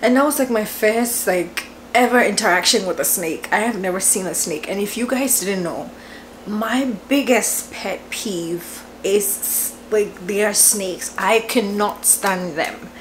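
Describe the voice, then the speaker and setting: A woman in her twenties, a vlogger telling a story at home in a lively, chatty way, laughing often and filling her talk with "like". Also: medium pitch, a little slow, a little hiss or hum. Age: 20s. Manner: animated, laughing, lots of "like" fillers. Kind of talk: casual storytelling vlog. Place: home, indoors.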